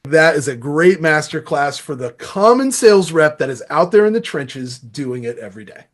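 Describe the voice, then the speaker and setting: Man, middle-aged, energetic sales trainer, slightly high voice, acts out phone calls. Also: moderate pace. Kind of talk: masterclass talk.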